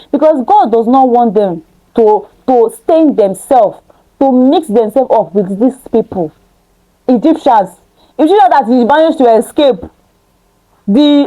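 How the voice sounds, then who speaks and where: Woman Bible teacher, reads scripture then preaches with emphatic rhetorical questions, warm and slightly high. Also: rough recording. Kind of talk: scripture reading with preaching commentary.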